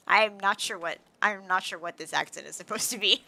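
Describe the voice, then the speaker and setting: A woman streaming a game, making playful quiet asides between dialogue. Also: mid-range voice, animated, moderate pace, creaky, few pauses.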